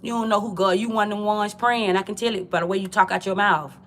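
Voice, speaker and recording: A woman's voice: mid-range voice, fairly even intonation, fast talker, fairly bright tone, a little hiss or hum. A woman from Georgia, delivering a preachy, repetitive livestream monologue in profane street talk, calling her viewers family. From Georgia, USA.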